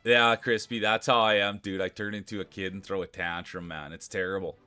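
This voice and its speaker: A man streaming live, chatting casually and excitedly with his viewers and thanking them by name. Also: low voice, a little fast, clear, resonant tone, faint music behind. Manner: excitable, talks straight to chat.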